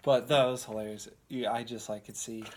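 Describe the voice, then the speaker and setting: A young man with an average, mid-range voice co-hosts a casual podcast. He tells stories in a halting, chatty way, with plenty of ums and likes. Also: mid-range voice, fairly even intonation. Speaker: podcast co-host. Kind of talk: casual chat.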